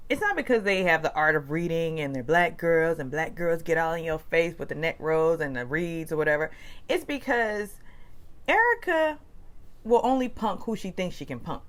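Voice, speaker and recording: A woman recaps reality TV in a casual, gossipy voice. Her pitch swings up and down animatedly, and she talks in chatty, quick-changing bursts. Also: fairly bright tone. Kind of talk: casual commentary.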